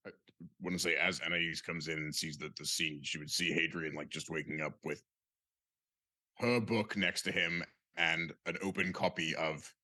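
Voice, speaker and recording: A very deep, husky man plays his character in a tabletop game, talking in rambling, stammering bursts. His tone is bright and forceful, and the sound is dry and close. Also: fairly even intonation, normal speed, dry recording. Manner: rambling, stammering restarts, joking. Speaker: player. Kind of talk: tabletop role-play, in character.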